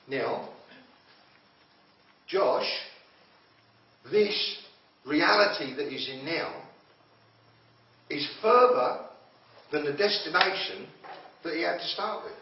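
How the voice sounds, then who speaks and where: Brit guy giving a pushy motivational talk, kinda high voice, far off in an echoey room, muffled lo-fi sound. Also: expressive, slow pace, long pauses. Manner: blunt, challenging, pokes at the audience with questions. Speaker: motivational speaker. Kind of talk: confrontational talk to a group. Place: room with a group listening.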